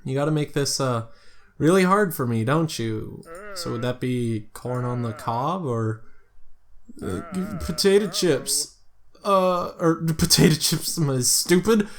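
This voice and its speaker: A man's voice: on the high side, expressive, unhurried. Tired man rambling through game commentary. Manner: rambling, jokey asides, thinks aloud. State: tired late at night. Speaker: let's play host. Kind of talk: casual gameplay commentary.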